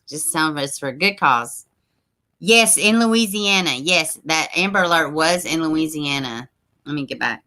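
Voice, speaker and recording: A woman's voice: medium pitch, sharp tone. A woman hosting a true crime livestream, chatting casually with her viewers, reading their comments aloud and using folksy slang like y'all.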